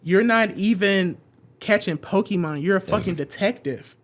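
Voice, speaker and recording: A man's voice: high voice, normal speed. A man chatting as a podcast guest, rambling with lots of fillers and swearing. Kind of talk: casual chat.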